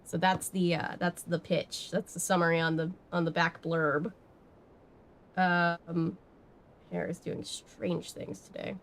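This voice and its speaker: A woman with a slightly low voice talks casually on a livestream from her home setup. She rambles a little, filling pauses with "um" as she answers her chat. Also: level tone. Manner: chatty and rambling, answering chat with many fillers. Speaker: streamer. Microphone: webcam setup.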